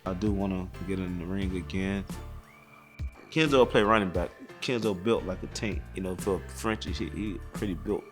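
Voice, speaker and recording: A man's voice: low voice, moderate pace. A middle-aged man talking in a laid-back, plain-spoken way in a casual interview. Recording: faint music underneath.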